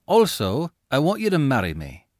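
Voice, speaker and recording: A man reading aloud plays a serious, whimsical young man who speaks with precision and a deadpan manner. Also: mid-range voice, normal speed, dry recording, clean studio sound, pitched above the performer's own voice. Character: grave, whimsical red-haired young man.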